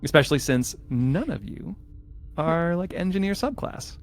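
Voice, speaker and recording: A man's voice: on the high side, very animated, normal speed, gravelly, soft background music. A man narrating as game master, explaining the scene carefully with frequent hesitations and restarts.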